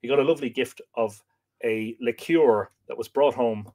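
A man from Ireland with a medium-pitched voice and normal speaking speed hosts a laid-back live-stream. He laughs often and keeps things jokey as he tells his stories with energy.

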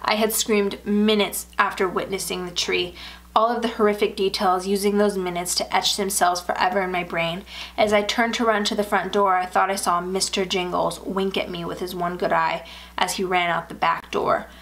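A woman reads a first-person horror story aloud. Her delivery is steady and measured, and her voice sits at a middling pitch for a woman. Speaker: story narrator.

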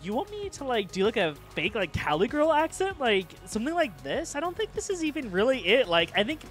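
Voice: medium pitch, big pitch swings, a little fast, natural voice. A streamer doing a breezy California valley-girl voice, full of "like" and airy uptalk, with faint music behind. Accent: California valley girl (put on). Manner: filler-heavy "like", breezy uptalk. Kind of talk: joking accent bit during a fishing game stream.

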